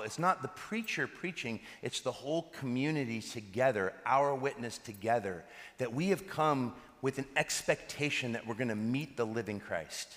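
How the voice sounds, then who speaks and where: A man preaching a sermon as pastor, a lively storyteller who acts out conversations. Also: mid-range voice, in a large hall. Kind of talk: sermon with personal stories.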